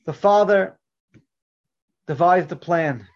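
A man delivers an earnest Torah lecture with a fairly high voice, often sinking to a quiet, soft delivery as he makes a point. The recording is dull and lo-fi, with little crispness. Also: takes it slowly. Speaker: Torah teacher. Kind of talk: religious lecture with storytelling.

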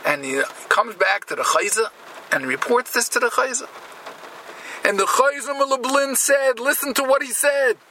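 A man telling a Hasidic story in with speech, animated, repeating and restarting phrases and slowing down for emphasis. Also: extremely high pitch, slight background noise, rough recording.

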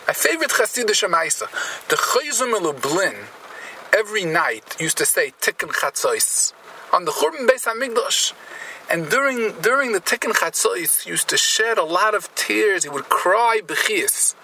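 A man telling a Hasidic story in with speech, animated, repeating and restarting phrases and slowing down for emphasis. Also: sits high, slight background noise, poor audio.

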